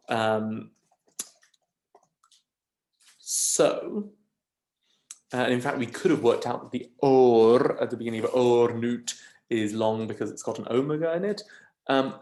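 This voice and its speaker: This recorded lesson on scanning verse features a male teacher whose medium-pitched voice sounds a little mellow in a roomy space. Patiently working through each step, he fills pauses with frequent ums and checks for understanding with questions.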